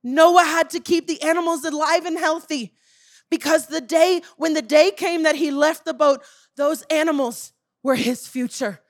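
A woman's voice: high-pitched, normal speed. A woman preaching a sermon, emphatic and calling out to the congregation as church.

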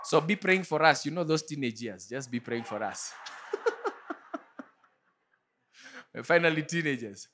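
A man, preaching a sermon and telling personal stories in an animated way. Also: normal speed, a crowd in the background, background noise. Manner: animated storytelling, jumps to high pitch for acted-out quotes. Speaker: pastor.

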